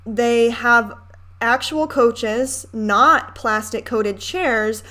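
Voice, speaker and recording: A woman's voice: a little high, extremely slow, sharp tone, a little hiss or hum. A woman in her twenties giving candid, chatty commentary over a film, swearing and ranting as she goes. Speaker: reaction video host.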